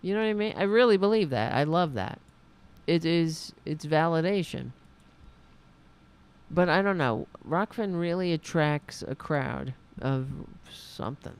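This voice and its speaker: A woman's voice: sits low, expressive, measured pace, clean tone. A woman hosting a political commentary show, talking casually with a sarcastic, mocking manner over faint music. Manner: sarcastic, mocking, reading out comments in mimicking voices.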